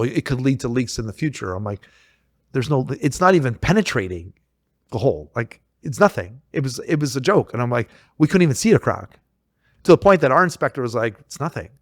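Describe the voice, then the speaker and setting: A man's voice: mid-range voice, brisk, no room sound, studio quality. A man working as a realtor, chatting casually on a podcast and telling a story in which he acts out what the other people said. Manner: animated storytelling, acts out quoted exchanges.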